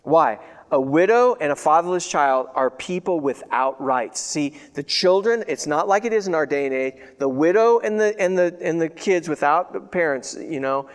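A man preaches in a conversational, earnest way, his voice sitting a little high for a man. He repeats key phrases and drops to a hush before rising again. The sound rings with a long reverb, like a big hall. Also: animated, normal speed, smooth. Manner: conversational, earnest, repeats himself, swings between loud and hushed. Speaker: pastor. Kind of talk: sermon.

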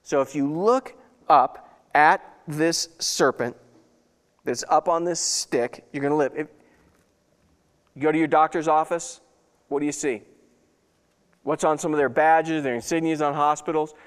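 A man's voice: fairly high pitch, steady tone, unhurried, long pauses, long reverb tail. A man preaching a sermon as pastor, reading scripture and breaking into folksy, chatty asides.

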